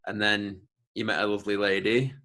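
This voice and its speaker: A man's voice: lowish voice, fairly quick. A man hosting a casual podcast chat, friendly and laughing along with his guest. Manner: friendly, laughs along, excited about football. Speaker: podcast host.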